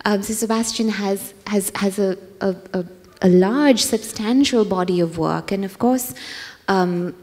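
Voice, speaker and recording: Female festival host, warm mellow tone, hesitant phrasing; hall reverb. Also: medium pitch. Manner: halting, many ums. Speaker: interviewer, writer. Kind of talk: literary festival conversation. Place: concert hall on stage.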